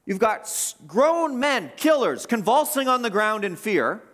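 High-voiced, dramatic preacher man. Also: sing-song, a little slow. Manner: dramatic, swings between loud and hushed; asks the listeners questions. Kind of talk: sermon.

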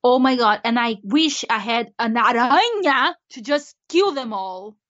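A woman whose first language is Portuguese, co-hosting a casual podcast chat, animated and swearing freely. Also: a little high, moderate pace. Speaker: podcast co-host. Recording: dull lo-fi audio.

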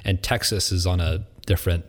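Low-voiced man, cheerful podcast co-host. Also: steady tone, a little fast. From Midwest of the US. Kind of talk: casual chat.

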